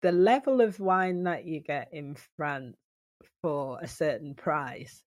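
A woman DJ chatting as a podcast guest, telling stories with lively asides. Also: low voice, slow pace, no echo, studio quality. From United Kingdom. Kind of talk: casual chat.

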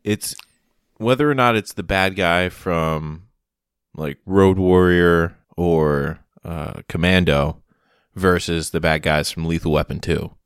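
A man with a very deep voice trades quick-witted jokes in easy, casual banter. His voice sounds dry and close to the mic. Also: smooth, dry recording. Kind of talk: casual chat.

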